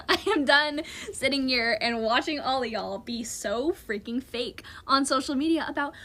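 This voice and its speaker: A woman's voice: high voice, normal speed, fairly bright tone. A woman in a dramatic, mock-outraged rant about casting news as a fan.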